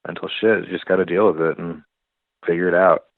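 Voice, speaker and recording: A man's voice: deep voice, steady tone, a little fast, vocal fry, no echo. A man in his forties, a guest telling a story in casual, profane and vivid talk. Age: 40s. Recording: tinny phone-like, dry.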